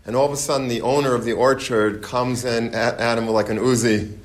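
A man addressing a gathering of guests, pausing often with fillers, then teaching from religious texts. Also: medium pitch, steady tone. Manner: halting, many fillers. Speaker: speaker at a community gathering.

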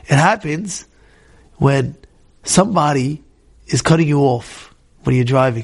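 Lively high-voiced rabbi teaching. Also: male voice, unhurried, long pauses. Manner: animated, acts out shouting examples, mixes Hebrew quotes with English. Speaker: rabbi teaching a Torah class. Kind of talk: lively Torah class.

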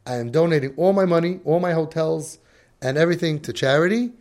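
A man's voice: on the high side, expressive, fairly quick, a little mellow. A blustering rich man giving a public announcement, as a male speaker puts him on. He speaks in bold, declarative statements. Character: rich man announcing he gives it all away.

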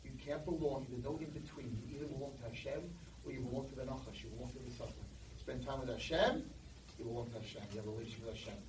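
A man giving an animated sermon to boys, telling stories, recorded in an echoey hall from a distance. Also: mid-range voice, racing, background noise. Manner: animated, storytelling. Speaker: speaker addressing boys.

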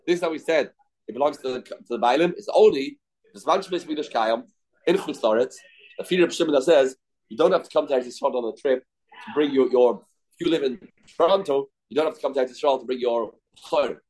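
A man's voice: mid-range voice, a little mellow, poor audio. A man teaching a daily Talmud class. He explains in short, repeated phrases and asks rhetorical questions.

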